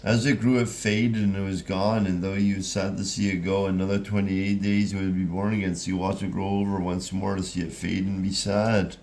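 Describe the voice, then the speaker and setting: A man voicing a gentle, curious young woman traveler in a storybook reading, talking in a soft, hesitant, kindly way. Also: low voice, little pitch movement, moderate pace, hardly any pauses, a little hiss or hum, voice pushed up. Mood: tender.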